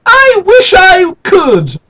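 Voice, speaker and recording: A man voicing a spoiled little girl who screams for ice cream, in a shrill high voice. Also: big pitch swings, very slow, breathy edge, full character voice, poor audio. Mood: shrieking. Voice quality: shrieking, very high.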